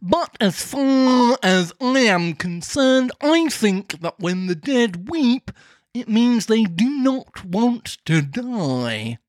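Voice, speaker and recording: A podcast reader voicing a pompous, overly polite owl doctor who speaks slowly and formally. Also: medium pitch, sing-song, dry recording, voice pushed up. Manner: slow, overly formal speech.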